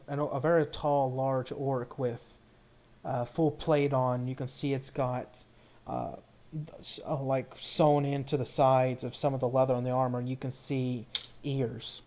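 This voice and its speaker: A man's voice: mid-range voice, warm tone. A man narrating as game master, describing scenes in a loose, rambling way with many restarts.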